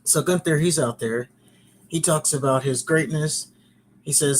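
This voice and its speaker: A man's voice: fairly high pitch, unhurried, slight background noise. Chatty man recapping wrestling. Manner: chatty, rambling, joking asides. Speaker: podcast host.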